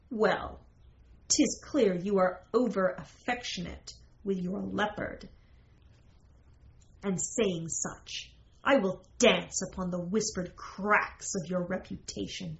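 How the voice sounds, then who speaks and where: A woman's voice: mid-range voice, vocal fry, roomy sound, dull audio. A woman voicing a scornful, haughty noblewoman who speaks in a cold, threatening way.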